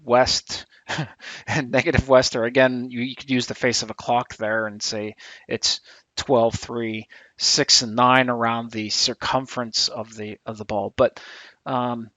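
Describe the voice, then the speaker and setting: A man giving a software tutorial screencast, thinking aloud with relaxed fillers and restarts, a little tired. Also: medium pitch, a little slow, no room sound, rough recording. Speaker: instructor.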